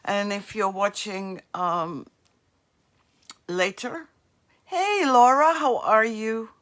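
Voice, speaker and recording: Slow-talking woman hosting a craft livestream. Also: medium pitch, a bit bright. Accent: New Jersey. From northeastern US. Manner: chatty, friendly asides to commenters. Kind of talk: casual livestream chat greeting viewers.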